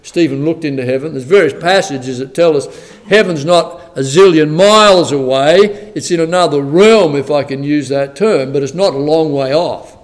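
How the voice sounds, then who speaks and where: High-voiced man preaching conversationally. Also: moderate pace. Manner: plain-spoken, asks the listeners rhetorical questions; reads scripture in old-fashioned wording. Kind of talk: conversational sermon.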